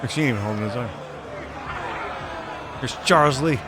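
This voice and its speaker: A man streaming a video game, giving excitable commentary full of swearing and jokes. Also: medium pitch, moderate pace, crowd noise, background noise. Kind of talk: gameplay commentary. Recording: voice over game music.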